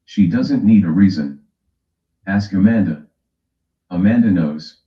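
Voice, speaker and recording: A West Coast US livestream host with a low, animated voice speaks unhurriedly as he teases his chat and reads a timer aloud. The audio is dull and lo-fi, in an echoey room.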